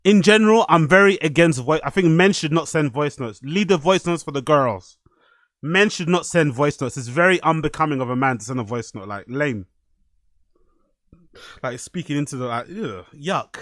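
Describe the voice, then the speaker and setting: A man's voice: on the high side, moderate pace, a bit bright, dry recording. A man hosting a casual reaction podcast, rambling and swearing with frequent asides. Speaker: podcast host.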